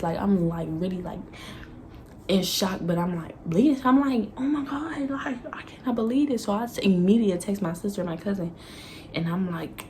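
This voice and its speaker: A woman's voice: lowish voice, darkish tone, slight background noise. Profane, candid young woman vlogger. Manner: candid and profane, laughing often, acting out her past self. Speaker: vlogger telling a story. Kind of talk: casual storytime.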